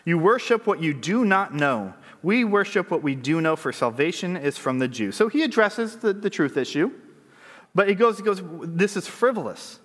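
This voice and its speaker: High-voiced male preacher in a reverberant hall. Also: big pitch swings, moderate pace, fairly bright tone. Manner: conversational preaching with rhetorical questions; reads scripture aloud then riffs on it. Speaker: pastor. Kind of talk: sermon.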